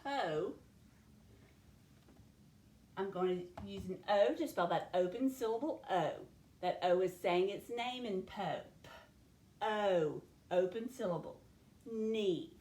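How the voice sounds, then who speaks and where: A woman's voice: mid-range voice, darkish tone, echoey room. A woman teacher taking young pupils through a phonics lesson, sounding out and stretching words. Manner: slow, stretched-out word sounding.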